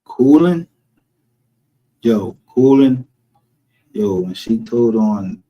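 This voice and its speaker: Profane ranting man, husky voice. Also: mid-range voice, animated, very slow, muffled recording. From northern United States. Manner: profane, heated, rambling and confrontational. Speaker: streamer. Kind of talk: casual ranting livestream commentary. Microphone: home streaming setup.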